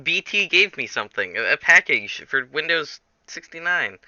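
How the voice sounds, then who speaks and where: A man's voice: fairly high pitch, very animated, normal speed, sharp tone, no room sound, highs cut off, pitched above the performer's own voice, heavily acted. A man voicing a laid-back young male adventurer in a casual, slightly raised, drawling voice.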